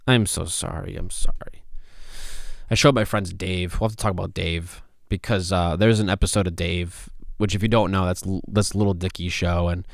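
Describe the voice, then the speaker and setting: A man hosting a casual solo podcast, sounding stuffy and talking excitably, exclaiming and swearing casually. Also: low voice, a little fast, vocal fry, few pauses, no room sound, studio quality. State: stuffy, congested. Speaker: podcast host.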